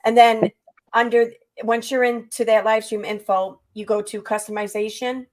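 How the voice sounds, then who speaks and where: A woman hosting a casual livestream chat over a computer mic, talking in halting restarts. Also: on the high side, little pitch movement. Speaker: host. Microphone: computer mic on a streaming platform.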